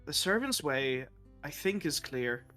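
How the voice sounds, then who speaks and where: A man voicing a remorseful old female castle cook who speaks in halting, apologetic bits. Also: a little high, very animated, sharp tone, soft background music, exaggerated voice. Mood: dazed, apologetic.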